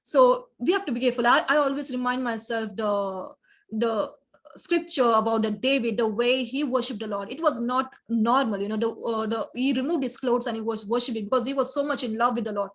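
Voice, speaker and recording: A woman preaching an informal sermon in a halting, earnest way, with frequent restarts and "you know". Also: fairly high pitch.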